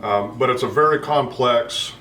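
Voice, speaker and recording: A man's voice: mid-range voice, sharp tone, slight background noise. Man tasting and describing food, roomy sound. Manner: slow, thoughtful, describing flavors. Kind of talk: casual food-tasting chat. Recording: roomy, mic at a distance, faint music.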